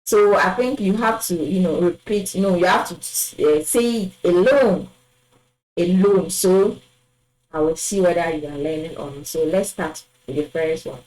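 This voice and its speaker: A woman teaching a French numbers lesson, saying each word twice and pausing with fillers. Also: lowish voice, a little mellow, echoey room, rough recording. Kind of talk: language lesson, drilling numbers.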